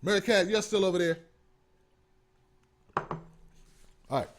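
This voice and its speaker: A man's voice: sits high, slow. A man hosting a call-in talk show, ranting with passion and profanity. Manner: impassioned, profane, emphatic. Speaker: host. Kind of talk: heated call-in show rant.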